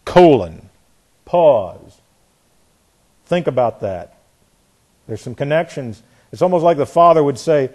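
Male preacher, slightly high voice, emphatic Bible teaching, repeats phrases for weight. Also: sing-song, takes it slowly, pauses often, a little mellow, husky. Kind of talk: expository sermon.

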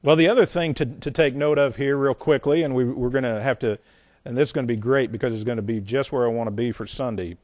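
Guy preaching bible study, punchy then quiet, repeats himself, dry close sound. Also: mid-range voice, fast, dry recording. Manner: emphatic, repeats phrases, swings from loud to quiet. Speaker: pastor. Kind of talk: expository Bible teaching.

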